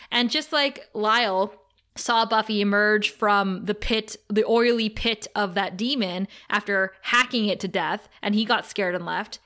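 A woman co-hosting a podcast, recapping a TV episode in casual chat, animated and laughing often as she retells scenes. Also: medium pitch. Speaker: podcast co-host.

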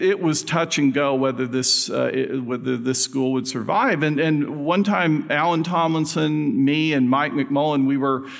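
Gravelly middle-aged preacher in a big hall. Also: male voice, fairly high pitch. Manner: conversational, chuckling asides. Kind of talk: sermon. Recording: long hall reverb.

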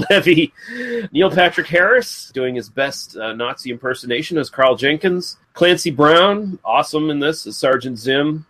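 A man's voice: mid-range voice, fairly bright tone. A man hosting a casual film review podcast, laid-back and swearing casually. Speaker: podcast host.

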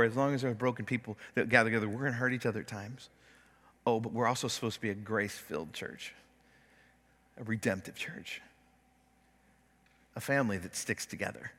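A man preaching a sermon as pastor, animated, acting out the complaints and prayers he quotes. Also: medium pitch, fairly quick, pauses often, in a large hall. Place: church sanctuary.

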